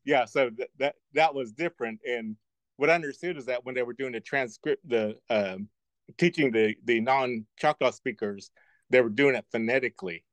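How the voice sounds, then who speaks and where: A man from southeastern Oklahoma co-hosting a podcast, explaining things thoughtfully with slow restarts. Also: medium pitch, dry recording. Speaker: podcast co-host. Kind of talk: casual discussion.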